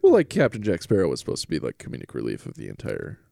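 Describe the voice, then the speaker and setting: Animated young man joking around. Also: extremely low pitch, racing, creaky, no echo, studio quality. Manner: joking, laughs often, swears freely. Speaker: podcast co-host. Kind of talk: casual comedic banter.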